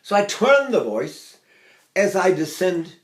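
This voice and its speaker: A man's voice: high-pitched, very animated, slow, echoey room. An older man teaching a singing lesson, explaining technique and singing short phrases to demonstrate. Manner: explains, then sings short phrases to show. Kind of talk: vocal lesson with sung demonstrations.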